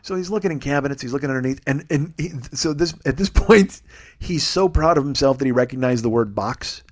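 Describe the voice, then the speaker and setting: A man in his forties, a comedian and podcast host, telling a story in an animated, profane, sarcastic way. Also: medium pitch, a little fast. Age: 40s.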